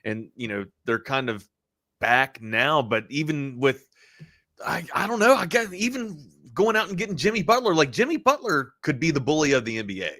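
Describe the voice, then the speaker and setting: A man's voice: a little high, expressive, normal speed, sharp tone, no echo. A man co-hosting a live sports talk stream, talking loosely with plenty of filler words. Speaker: sports talk show co-host.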